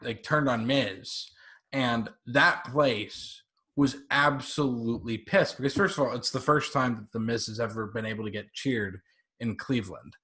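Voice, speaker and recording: A man in his twenties chatting casually as a podcast guest, eager and a little rambling. His voice sits at an everyday middle pitch. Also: sharp tone. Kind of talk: casual review chat.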